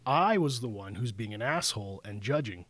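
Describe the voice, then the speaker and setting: A man hosting a podcast, telling stories in a relaxed conversational way. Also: lowish voice, brisk, no room sound. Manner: conversational storyteller. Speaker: podcast host. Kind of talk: casual podcast chat.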